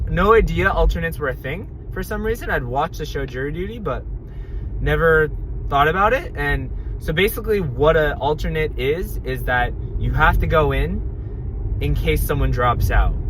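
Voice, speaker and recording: Young man telling a lively story. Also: on the high side, a little hiss or hum. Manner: animated, quick asides, acts out quotes. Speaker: vlogger. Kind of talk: casual storytelling to camera.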